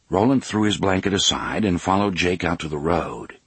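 A man narrating an audiobook in a steady, even reading voice. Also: sits low, normal speed, few pauses, husky, no echo. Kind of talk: scripted narration.

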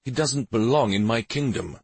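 A man's voice: mid-range voice, expressive, normal speed, gravelly, slightly rough, no echo. A man voicing a resentful, scheming male minister who sneers at a commoner.

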